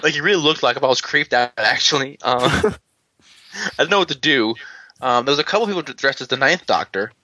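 Bright-voiced man telling a rambling story. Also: medium pitch, lively intonation, fairly quick, a little hiss or hum. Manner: rambling, with many fillers and restarts; chuckles as he tells the story. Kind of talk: casual storytelling chat. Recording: dull lo-fi dry recording.

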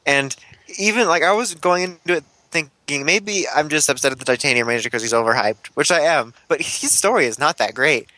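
A young man co-hosting a casual podcast chat, with a bright, forward voice. He jokes and laughs easily and speeds up in bursts. The sound is close and dry, with no room around it. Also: fairly high pitch, no echo, poor audio. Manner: chatty and joking, laughs often, speaks in quick bursts. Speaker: podcast co-host.

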